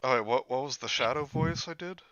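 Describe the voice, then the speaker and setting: A man's voice: medium pitch, brisk, fairly bright tone, lo-fi sound. A man co-hosting a podcast, reading a horror story aloud with sarcastic asides. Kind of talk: casual read-along with jokes.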